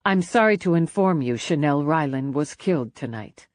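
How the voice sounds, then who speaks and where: A woman's voice: low-pitched, moderate pace, dry recording. Woman reading a blunt, clipped police lieutenant. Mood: flat. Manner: flat, direct, clipped. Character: blunt hard-nosed female police lieutenant. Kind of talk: audiobook character voice.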